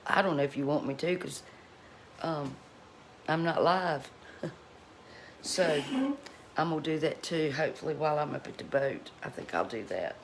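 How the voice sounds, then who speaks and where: A woman's voice: deep voice, vocal fry. A middle-aged woman with a drawl chats casually to her viewers from her home kitchen. She is folksy and talkative and laughs often between thoughts. A faint hum of noise sits under her voice. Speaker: cooking channel host.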